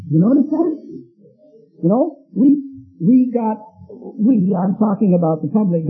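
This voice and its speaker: A preacher with a high, very husky voice leads an evening Bible study, talking conversationally and quizzing his listeners. The sound is tinny and narrow like a phone line, with faint music underneath. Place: church meeting room.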